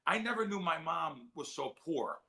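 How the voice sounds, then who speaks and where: A man with a fairly high, gravelly voice talks casually on a sports betting show. He rambles in a heartfelt way and often repeats himself as he goes. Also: animated, normal speed, pushed and bright. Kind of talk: casual chat.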